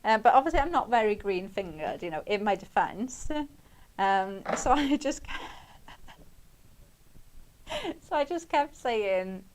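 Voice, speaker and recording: A woman's voice: mid-range voice, very animated, slow pace, pauses often. Chatty woman demonstrating crafts. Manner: chatty and rambling, laughs often. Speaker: craft shopping TV presenter. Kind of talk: live craft demonstration with chat.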